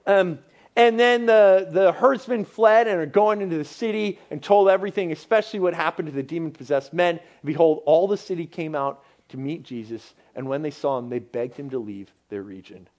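A man delivers a conversational sermon in a fairly high voice. He speaks in a casual, animated way and sometimes drops to a hushed near-whisper. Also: normal speed. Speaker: pastor.

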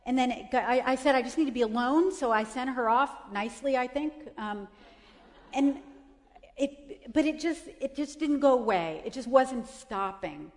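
A woman's voice: sits high, lively intonation, unhurried. Woman telling an emotional testimony in a hall. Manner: emotional storytelling with many restarts. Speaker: speaker giving a testimony. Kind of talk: personal testimony.

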